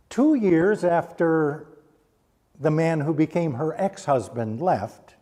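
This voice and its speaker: Slow, mellow-voiced pastor telling a story. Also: male voice, fairly high pitch. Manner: hushes to a near-quiet voice at solemn points. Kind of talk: storytelling sermon. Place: church sanctuary.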